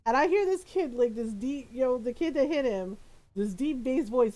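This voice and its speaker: A woman streamer with a high voice tells a story in easy, casual chat. She is animated, laughs often and fills her talk with little asides. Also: moderate pace.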